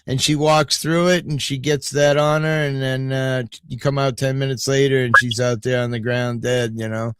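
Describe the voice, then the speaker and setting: A man's voice: medium pitch, little pitch movement, normal speed, hardly any pauses, noisy background. An older man hosting a casual livestream, rambling through stories and swearing freely. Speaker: livestream host.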